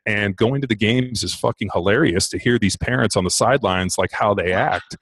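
A man's voice: lowish voice, moderate pace, a bit bright, slightly rough, dry recording, rough recording. A man in casual podcast chat, telling rambling stories full of swearing and fillers. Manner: rambling storyteller, heavy swearing, many fillers.

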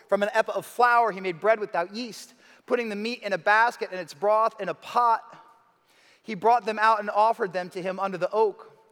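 A man preaching a sermon as pastor, dramatic, moving between hushed lines and emphatic ones. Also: sits high. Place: church hall. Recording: reverberant hall.

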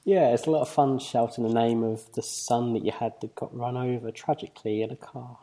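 A man in casual gaming chat, jokey and quick to laugh at his own slips. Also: mid-range voice, fairly even intonation, mellow.

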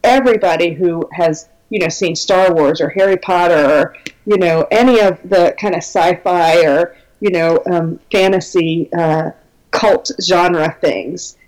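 A woman's voice: fairly low pitch, a little slow, darkish tone, rough recording. A woman talking as a guest belly dance teacher in a casual conversation, chatty and enthusiastic with many fillers.

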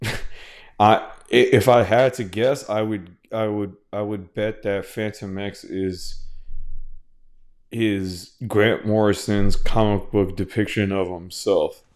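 A man hosting a podcast, talking casually and at length, with many restarts and fillers, swearing freely. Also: sits low. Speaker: podcast host. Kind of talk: casual solo podcast monologue.

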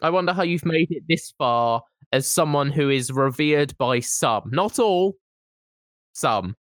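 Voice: mid-range voice, normal speed, no room sound. Co-host, comic banter, mocking and giggly, dry sound. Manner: teasing, mocking, laughs often. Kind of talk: casual comedic chat.

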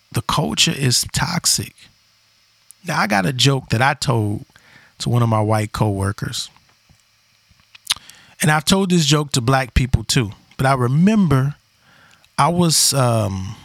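Man, podcast host, blunt and rambling, mid-pitched, dry close mic. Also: dry recording. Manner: blunt, rambling, repeats himself. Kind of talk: casual opinion monologue.

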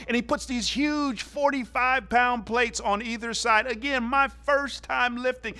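Animated, forceful preacher, a man. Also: very high voice, measured pace, hardly any pauses. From southern United States (Atlanta). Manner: animated storyteller, acts out quotes, swings from loud to hushed. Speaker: pastor. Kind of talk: sermon.

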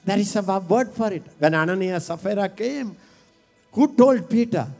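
A man's voice: high-pitched, moderate pace, creaky, faint music behind. Fervent male preacher. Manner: fervent, repetitive, rising to shouts. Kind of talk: sermon. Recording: long hall reverb.

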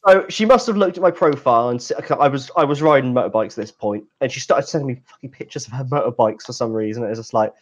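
A man's voice: medium pitch, fast, few pauses, lo-fi sound. A young man telling a story in casual podcast chat, wry and laughing often. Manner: laughing, wry, crude humor. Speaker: podcast co-host.

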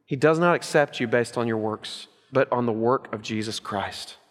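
A middle-aged man preaching a sermon as pastor, emphatic and punchy, swinging between loud urgency and hushed gravity. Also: mid-range voice, normal speed, in a large hall.

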